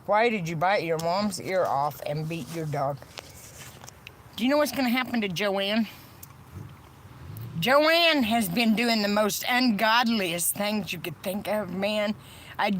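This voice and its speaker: A woman ranting on a livestream, profane and repetitive, swinging from wry laughter to shouting. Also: mid-range voice, slow pace, long pauses, a little hiss or hum. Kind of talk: angry livestream rant.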